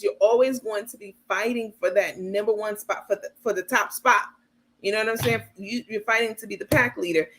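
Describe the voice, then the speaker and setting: A woman's voice: medium pitch, fairly bright tone. A woman hosting a livestream, giving casual commentary in a blunt, outspoken way with some profanity and asides to her viewers. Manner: addresses viewers as "baby" and "you guys". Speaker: livestream host.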